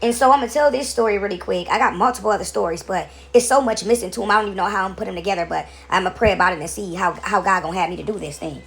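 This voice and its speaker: A woman's voice: medium pitch, rapid-fire, creaky, hardly any pauses, slightly rough. A woman telling a long, rambling story to her camera from her couch at home, repeating words and checking in with "right?" as she goes. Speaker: vlogger.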